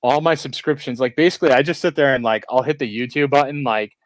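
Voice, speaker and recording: A man's voice: mid-range voice, fast. A man hosting a live stream, chatting casually with lots of fillers and small chuckles. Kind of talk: casual chat.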